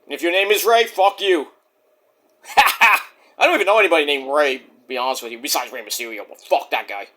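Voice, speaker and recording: A man's voice: a little high, a little fast, pushed and bright. A man casually recapping wrestling shows in a rambling, joking, profane way. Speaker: wrestling show reviewer.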